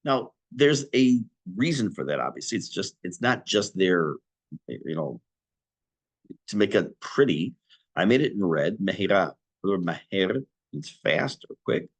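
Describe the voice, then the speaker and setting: A man teaching an online class on prayer, reading Hebrew phrases and explaining them in English with a lively teacher's delivery. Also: deep voice, unhurried. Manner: lively teacher's delivery, rising on key words.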